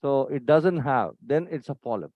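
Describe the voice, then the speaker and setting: With lively intonation and a medium-pitched voice, a man narrates a surgery as a live teaching session in an operating theatre. He quizzes listeners, repeats his pointers and "see here," and is brisk and impatient with staff. The recording is dry, dull, lo-fi and free of room sound.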